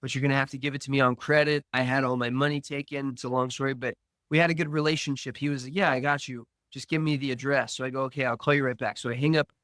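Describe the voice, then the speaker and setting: A man appearing as a podcast guest tells a personal recovery story slowly and earnestly, acting out dialogue he remembers. His voice is medium in pitch and a bit bright, with fairly even intonation and no echo.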